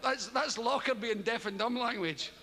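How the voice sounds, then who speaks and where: A man's voice: moderate pace, heavy background noise. An older Scottish man doing a rambling, profane stand-up routine on a theatre stage. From Scotland. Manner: rambling, profane, bursts into high mocking voices. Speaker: stand-up comedian. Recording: live theatre recording with hall reverb. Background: audience laughter.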